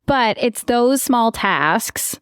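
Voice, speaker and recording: Podcast co-host: a lively storytelling woman who acts out voices, dry close sound. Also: fairly high pitch, extremely slow, clear, resonant tone, no room sound. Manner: animated storyteller who acts out quotes and laughs often. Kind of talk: casual chat.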